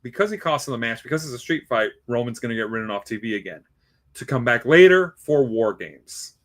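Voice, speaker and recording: A man co-hosting a casual wrestling predictions podcast, excitable and teasing, laughing as he talks. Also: medium pitch, a little fast. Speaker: podcast co-host giving predictions.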